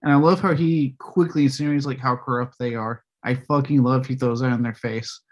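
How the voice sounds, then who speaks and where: A man's voice: mid-range voice, fairly even intonation, brisk. A man co-hosting a casual movie talk show, who swears freely, laughs, and acts out characters. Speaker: podcast co-host.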